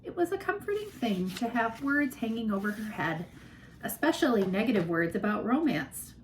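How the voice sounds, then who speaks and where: A woman narrating a children's novel aloud in an expressive storytelling manner. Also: on the high side, moderate pace, a little hiss or hum, rough recording. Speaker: reader.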